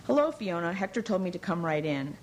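A woman's voice: on the low side, big pitch swings, brisk, slight background noise, low-quality recording. A woman voicing a prim, overdressed older society matron who gushes politely. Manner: genteel, politely gushing.

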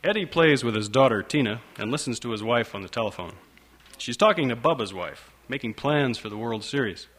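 A man's voice: on the low side, fairly bright tone. A man reading a story aloud in a dry, wry narration style. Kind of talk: scripted audiobook narration.

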